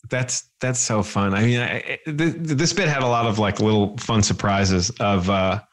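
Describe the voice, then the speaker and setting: A man co-hosting a podcast, musing in casual chat with halting restarts. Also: on the low side. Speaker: podcast co-host.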